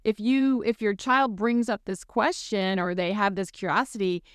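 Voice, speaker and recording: Woman, faith podcast co-host, smooth clear tone, lively storytelling, dry sound. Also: medium pitch, normal speed, no room sound. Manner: animated storyteller, acts out quoted voices. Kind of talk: casual faith podcast chat.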